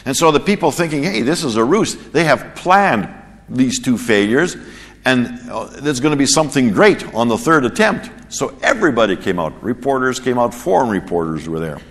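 Brief: male preacher leading a church class, lively storyteller, laughs at his own punchlines, mid-range voice, long hall reverb. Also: medium pitch, moderate pace. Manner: storytelling, animated, chuckles at his own jokes. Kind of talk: sermon with anecdote.

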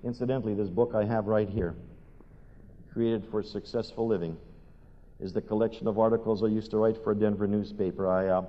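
An older man preaching a sermon, telling funny stories in an animated way and putting questions to his listeners. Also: fairly low pitch, fairly quick. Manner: animated storytelling, asks the audience questions. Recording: dull recording in a long-reverb hall.

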